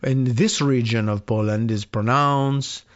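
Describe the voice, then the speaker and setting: A man voicing a pompous French pronunciation narrator, speaking slowly and padding every sentence in a put-on French accent. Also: medium pitch, fairly even intonation, pitched below the performer's own voice, close to an everyday voice. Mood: ponderous. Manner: slow, ponderous, padded delivery. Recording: muffled lo-fi sound.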